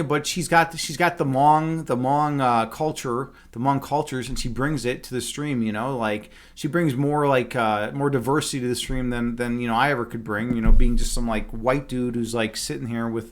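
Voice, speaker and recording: A man chatting casually on a livestream as a chess instructor. He rambles and fills his talk with "like" and "you know". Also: medium pitch. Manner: talks loudly at times.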